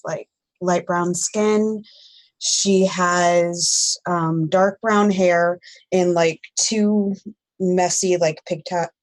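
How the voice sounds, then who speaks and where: A woman playing a tabletop game, describing her character in an unhurried way with many fillers. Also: fairly low pitch, no room sound, low-quality recording. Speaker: player.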